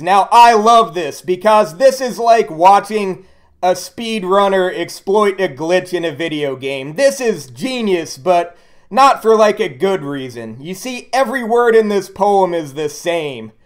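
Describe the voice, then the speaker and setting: A man delivering a blunt, sarcastic rant as a video commentator. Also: high voice. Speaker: YouTube commentator.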